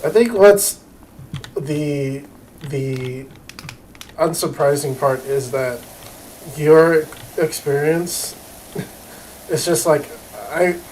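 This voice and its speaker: A man co-streaming a game in loose, teasing chat, stretching his words out very slowly. His voice sits a touch higher than most men's, and laughs keep slipping into his lines. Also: a little mellow, slight background noise, rough recording. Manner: laid-back, teasing, with frequent laughter. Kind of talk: casual chat while gaming.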